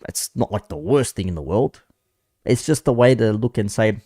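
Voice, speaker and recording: Laid-back, swearing male streamer, low voice. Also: animated, moderate pace, dark tone, dry recording, studio quality. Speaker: commentary streamer. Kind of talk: casual live-stream commentary.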